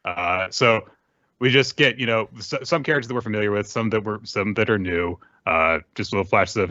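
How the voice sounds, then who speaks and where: A man hosting a podcast, casually recapping a manga chapter, rambling and swearing, with quick playful impressions of the characters. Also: lowish voice, bright, forceful tone, no echo, dull audio. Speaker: podcast host.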